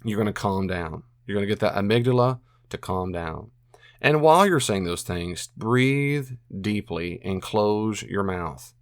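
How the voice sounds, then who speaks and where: Man, podcast host, earnest, emphatic, Christian advice monologue, slightly low voice, dry recording. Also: animated, measured pace, no room sound. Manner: earnest, emphatic, repeats phrases for effect. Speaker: podcast host answering a listener question.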